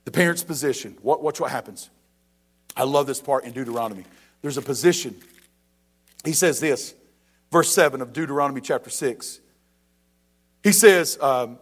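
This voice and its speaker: A man's voice: medium pitch, animated, moderate pace, long pauses, husky. A man preaching a sermon as pastor, emphatic and repetitive, speaking straight to the congregation.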